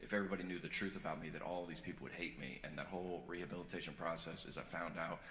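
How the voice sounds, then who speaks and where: A male stand-up comedian on stage, telling personal stories, going from earnest confession to loud joking. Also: deep voice, steady tone, rapid-fire, a little hiss or hum. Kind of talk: stand-up set. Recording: echoey hall with loud crowd. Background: audience laughter.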